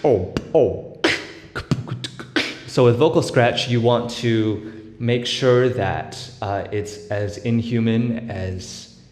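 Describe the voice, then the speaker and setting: A man's voice: mid-range voice, slow. Man explaining beatbox in echoey room. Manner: relaxed, explains step by step with many fillers, breaks into vocal sound demos. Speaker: beatbox tutor. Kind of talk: casual tutorial explanation. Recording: echoey room with long reverb.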